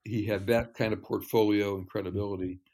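A man talking as a ministry guest in an interview, earnest and measured, telling stories. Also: fairly low pitch, steady tone, warm tone. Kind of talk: casual interview chat.

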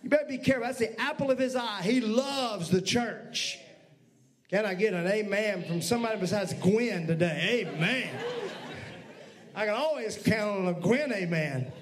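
Man, pastor, very high voice, lively sermon, talks to the congregation. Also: moderate pace. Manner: lively preaching with asides to the congregation.

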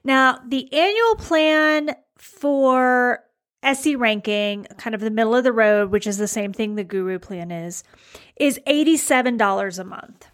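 A woman with a slightly high, fairly bright voice speaks unhurriedly. As a blogging coach, she chats casually on video to her blog followers, using fillers and emphatic repeats.

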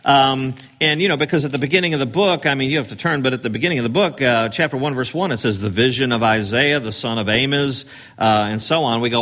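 A man's voice: mid-range voice, lively intonation, normal speed, pushed and bright. A man preaching a sermon in a conversational, emphatic way, pushing his voice up on key phrases. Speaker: pastor.

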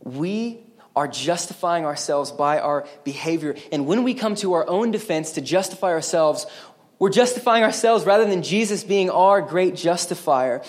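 A man's voice: expressive, normal speed. A man preaching a sermon as pastor, earnest and emphatic, with casual asides to the congregation. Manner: earnest, emphatic preaching that rises higher and louder on exhortations; conversational asides and checks with the congregation.

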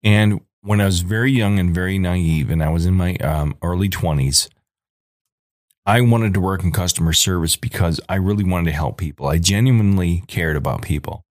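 A low-voiced man in his forties, hosting a podcast, delivers an angry, emphatic rant at normal speed. He drives his points home through repetition. The recording is dry and close-miked.

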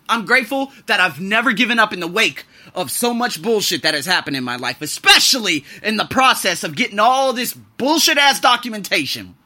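Animated profane male podcast host. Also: high voice, fairly quick, few pauses. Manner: animated, profane, swings between shouting and muttering. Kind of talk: casual podcast monologue.

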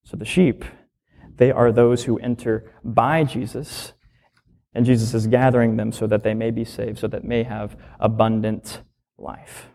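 A man, a minister, preaching a sermon with emphatic, lively delivery, asking rhetorical questions and slowing down to stress key phrases. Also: mid-range voice, vocal fry.

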